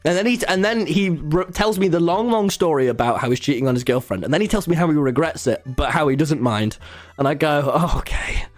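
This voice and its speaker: A man's voice: fairly high pitch, lively intonation, a little fast, soft background music. A young man telling a rambling story to his live chat, often laughing and restarting. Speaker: streamer.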